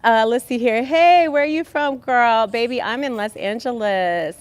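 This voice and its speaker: A woman's voice: on the high side, normal speed, smooth, no echo. A woman hosting a casual health livestream from Los Angeles, bubbly, greeting chat viewers with pet names and kisses, speaking into a headset. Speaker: livestream host.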